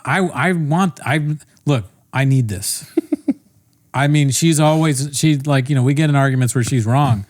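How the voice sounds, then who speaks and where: A young man rambles through a funny story on a casual podcast, swearing freely and laughing at his own blunders. His voice sits at an average pitch and sounds dry and close, with almost no room around it. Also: unhurried, dry recording. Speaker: podcast co-host. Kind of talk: casual comedic podcast chat.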